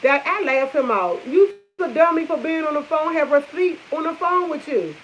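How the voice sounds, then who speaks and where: Young woman vlogging, kinda high voice, blunt and repeats herself, dull lo-fi sound with faint frying hiss behind. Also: lively intonation, normal speed, a bit bright. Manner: blunt, emphatic, repetitive. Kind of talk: casual chat to camera. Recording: dull lo-fi audio.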